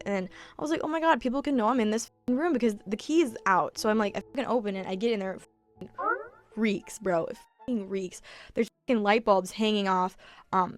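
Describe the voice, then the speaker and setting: Profane woman telling a story. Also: mid-range voice. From United States. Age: 20s. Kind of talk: casual storytelling vlog.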